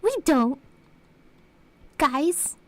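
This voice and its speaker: High-voiced Australian woman chatting. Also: very slow. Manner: animated storytelling, acts out exchanges. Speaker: streamer. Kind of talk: casual chat.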